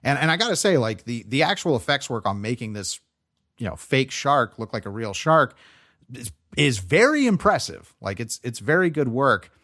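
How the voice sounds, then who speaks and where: A young man riffs about films on a podcast, his sentences looping back on themselves with plenty of "um" and "like". His pitch sits in an ordinary middle range. The talk stays relaxed and conversational. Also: moderate pace. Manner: rambling, frequent fillers and restarts. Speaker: podcast co-host. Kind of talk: casual movie review chat.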